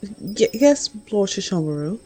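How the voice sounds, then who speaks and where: A woman voicing a small, rude male imp demon who shouts scornfully in an erotic storybook reading. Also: medium pitch, very animated, a little slow, soft background music, voice pushed up. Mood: startled.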